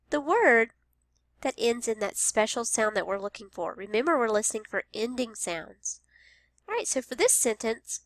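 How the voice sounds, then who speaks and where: A woman teaching a phonics lesson to young children, speaking slowly and sounding out each word with care. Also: on the high side, a bit bright, no echo, clean studio sound. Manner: slow, careful, over-enunciated.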